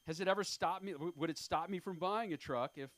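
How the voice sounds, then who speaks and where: A man in his fifties doing an open-mic stand-up set on a comedy club stage. He talks in a rambling, self-deprecating way, halting often with fillers. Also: sits high, a bit bright, no room sound. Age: 50s.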